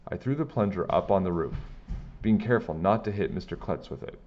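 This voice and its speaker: A man reading a children's chapter book aloud with plain, steady storytelling. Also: low voice, a little fast, dull audio, slight background noise.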